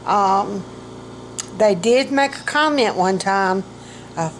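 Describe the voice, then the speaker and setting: A woman's voice: medium pitch, expressive, slow pace, slight background noise, low-quality recording. A middle-aged woman, vlogging casually about her health, rambling and self-mocking, and short of breath.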